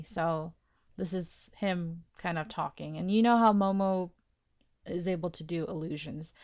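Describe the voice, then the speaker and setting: A woman's voice: medium pitch, no echo. A young woman chatting casually as a let's play host, reacting to a story game with exasperated, laughing commentary. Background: faint game music.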